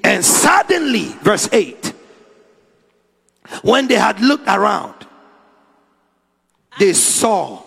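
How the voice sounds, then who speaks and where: A man preaching a sermon as a prophet, dramatic, swinging from quiet asides to shouted lines. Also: high-pitched, big pitch swings, drawn-out words, gravelly, pauses often, husky. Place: large church hall. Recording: long hall reverb.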